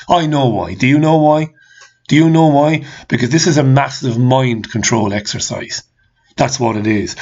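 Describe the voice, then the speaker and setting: Guy ranting on his show, keeps asking why, swears a lot, kinda muffled lo-fi audio. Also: medium pitch. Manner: exasperated, repeats questions, swears. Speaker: host. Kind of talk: ranting commentary. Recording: slightly dull lo-fi sound.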